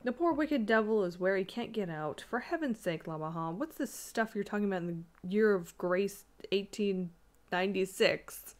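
A woman's voice: mid-range voice, animated, close to an everyday voice. A woman reading aloud, voicing a brash, skeptical young American man who scoffs at superstition. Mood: animated. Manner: scoffing, brisk. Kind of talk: audiobook reading.

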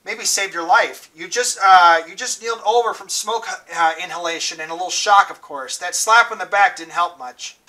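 A man reading as a calm kindly teacher. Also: high-pitched, normal speed, hardly any pauses, recorded from a distance, rough recording. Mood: reassuring. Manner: soft, reassuring.

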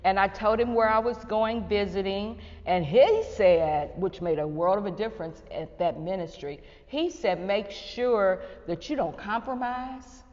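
A woman's voice: medium pitch, moderate pace, hardly any pauses, a little mellow. An older woman hosting a faith talk show over a video call. She talks in an effusive way and keeps exclaiming phrases of praise. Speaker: host. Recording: echoey, muffled video call audio.

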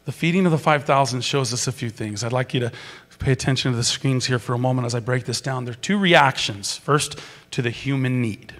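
A man preaching a sermon as pastor, animated, swinging from loud exclaiming to soft whispers. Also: mid-range voice, a little fast. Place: large church sanctuary. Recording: long hall reverb.

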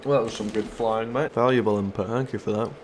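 A man's voice: on the low side, steady tone, fast, a little mellow, a little hiss or hum. A man giving casual, sweary gameplay commentary, taunting and mocking other players. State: stoned. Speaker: gaming YouTuber.

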